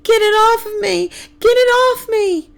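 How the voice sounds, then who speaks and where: A woman's voice: very high-pitched, a little slow, vocal fry, voice pushed up, exaggerated voice. A woman reading a storybook, voicing a frantic adult aunt screaming in pain in a shrieking, panicked voice.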